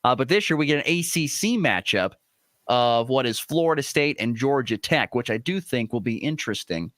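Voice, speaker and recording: A man hosting a morning sports radio show from a studio, talking casually with lots of "uh" fillers and lively pitch swings. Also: moderate pace, no echo. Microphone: studio microphone.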